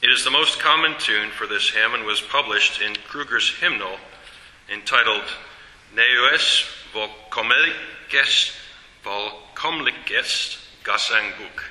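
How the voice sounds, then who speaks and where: A man teaching a class about a hymn tune, explaining in a measured way with fillers and self-corrections. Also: fairly low pitch, bright, forceful tone, roomy sound, long reverb tail, poor audio. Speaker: teacher presenting a hymn study.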